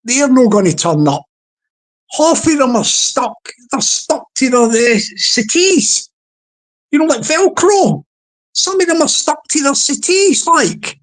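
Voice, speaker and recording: A woman hosts her own channel in a casual, rambling vlog monologue that is chatty and mocking, full of laughter and repeated words. Her voice is high and very animated, yet she takes it slowly.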